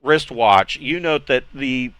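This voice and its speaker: A man narrating a tabletop game as game master, halting with many uh's and restarts. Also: medium pitch, animated, a bit bright, clean tone, dry recording, low-quality recording.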